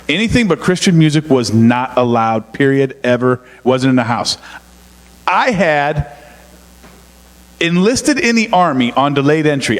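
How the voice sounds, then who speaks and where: Joking middle-aged man in a reverberant hall. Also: fairly high pitch. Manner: joking, self-mocking, chatty. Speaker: pastor's son, co-preacher. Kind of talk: casual storytelling sermon.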